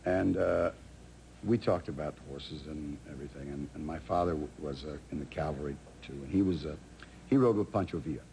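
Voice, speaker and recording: Halting, rambling middle-aged man. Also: very deep voice, gravelly, warm tone. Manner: rambling, halting storyteller with many restarts. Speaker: talk show guest. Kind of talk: casual anecdote telling. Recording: TV studio with audience noise.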